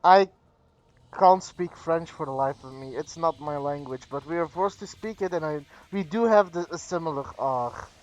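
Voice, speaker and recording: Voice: mid-range voice, moderate pace, muffled recording. A streamer from Belgium, a native Dutch speaker with a Flemish accent, chatting casually and rambling as they answer their viewers. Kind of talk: casual livestream chat with viewers.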